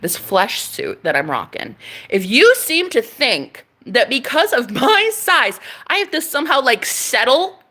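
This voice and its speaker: A woman's voice: sits high, big pitch swings, unhurried, bright, forceful tone. A woman vlogger delivering a sassy, profane rant straight to camera, mocking her critics and laughing often. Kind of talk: ranting monologue to camera.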